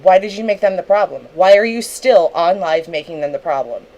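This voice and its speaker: A woman's voice: lowish voice, animated, fairly quick, warm tone, rough recording. A young woman on a livestream, angrily ranting at another streamer, swearing heavily and talking confrontationally. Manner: angry, profane, confrontational. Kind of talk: angry livestream rant.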